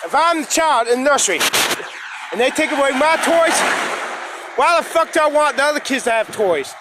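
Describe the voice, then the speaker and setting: A middle-aged man ranting angrily into his phone outdoors, swearing and yelling over and over. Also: extremely high pitch, lively intonation, normal speed, heavy background noise. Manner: profane, yelling, repeating curses. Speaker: vlogger. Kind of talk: angry outdoor live-stream rant. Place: outdoors on a flooded street. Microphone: phone or tablet.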